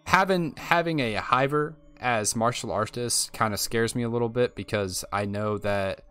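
A man's voice: medium pitch, moderate pace, a bit bright, clean tone. A young man giving casual, chatty gameplay commentary and thinking aloud as he plays. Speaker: let's play host.

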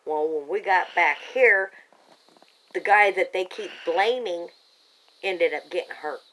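A woman's voice: on the low side, a little slow, fairly bright tone, slight background noise, low-quality recording. A woman speaks in an agitated, insistent ramble, doubling back and restarting her sentences as she insists on her version. It is a plain home recording, made on a camera held by a family member. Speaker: parent telling her own account.

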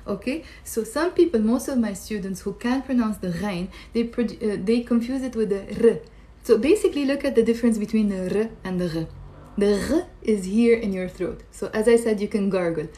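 A woman teaching a live online language lesson. She repeats sounds slowly and quizzes her viewers with questions. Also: mid-range voice, mellow. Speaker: Arabic teacher.

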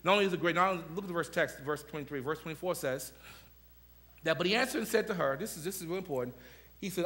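A man preaching a sermon as pastor to his congregation, swelling into impassioned shouts and calling out to the listeners with repeated words. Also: fairly high pitch, fast talker. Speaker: senior pastor. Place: church sanctuary. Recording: long church hall reverb.

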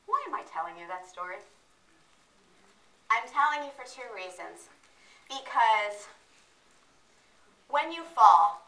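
A woman giving an energetic, playful motivational training talk to a live audience. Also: mid-range voice. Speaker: workshop presenter. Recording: echoey room, distant mic.

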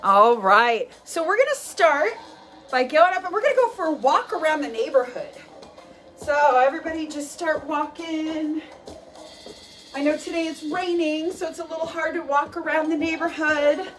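A woman's voice: sits high, lively intonation, moderate pace, fairly bright tone. A young adult woman leading an animal-themed workout class, chatty and encouraging, breaking into playful animal noises. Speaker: fitness instructor. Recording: voice from a distance with faint music. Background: faint workout music.

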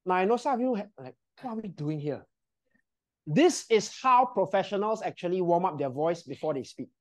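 In a training room, a voice and presentation trainer runs a live workshop for a group, giving upbeat instructions and checking in with everyone often. Her voice is fairly low, expressive and a little mellow, and she talks slightly fast.

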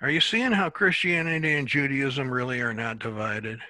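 A man teaching a Bible class in a relaxed, halting way, often repeating words as he thinks. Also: mid-range voice, no room sound.

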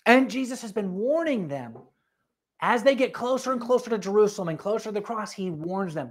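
Preacher, sermon in church, animated and chatty, asks listeners straight out. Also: mid-range voice, a little fast. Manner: conversational and animated, with asides and direct questions to listeners.

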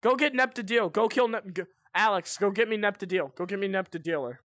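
A man on a headset giving quick, repeated orders to other players in a game. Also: high voice, lo-fi sound, background noise. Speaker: player in a multiplayer VR shooter. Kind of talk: casual game chat over voice. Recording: game voice chat with loud gunfire. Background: loud gunfire from the game.

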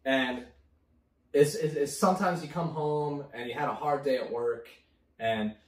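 A man's voice: fairly high pitch, expressive, measured pace, vocal fry, echoey room, far from the mic, poor audio. A man co-hosting a casual drinking chat, ranting and swearing as he talks. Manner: profane, ranting. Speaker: podcast co-host.

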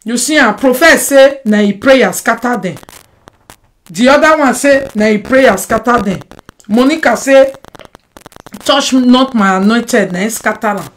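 A woman with a Nigerian Pidgin accent delivering an animated personal monologue to the camera. She is emphatic and keeps throwing in rhetorical "eh?" asides, swinging from loud outbursts to low muttering. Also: normal speed, rough recording. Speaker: vlogger addressing a rival.

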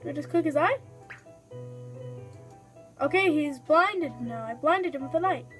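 A young woman giving excitable, giggly let's-play commentary on a game, chatting to her viewers as she plays. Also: sits high, a little slow, faint music behind. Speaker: gaming video host.

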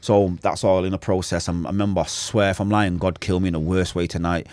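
A man's voice: low-pitched, flat delivery, quick pace, a little mellow, dry recording. A man telling an intense, emotional personal story as a podcast guest. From Manchester, England. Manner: intense, emotional, acts out quoted voices.

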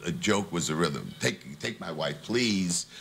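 A man's voice: sits low, expressive, a little slow, gravelly, noisy background. An older man, a veteran comedian, reminiscing in an interview and telling old jokes with a punchy, rhythmic delivery.

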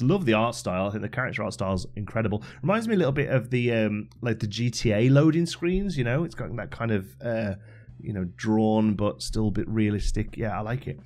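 Chatty low-voiced male gaming host. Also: lively intonation, brisk, darkish tone. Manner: chatty, thinks aloud with fillers. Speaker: game channel host. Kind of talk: game playthrough commentary.

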